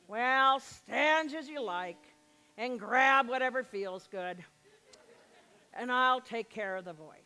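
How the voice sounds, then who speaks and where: A woman's voice: on the high side, takes it slowly, pushed and bright. An older woman performing a comic monologue as a singing teacher, with grand, haughty diction that slips into brash street talk.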